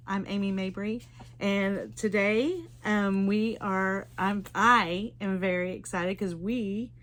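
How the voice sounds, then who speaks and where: A woman's voice: mid-range voice, fairly even intonation, slow pace, fairly bright tone. A woman from Oklahoma hosting a casual interview, rambling with many restarts. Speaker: host.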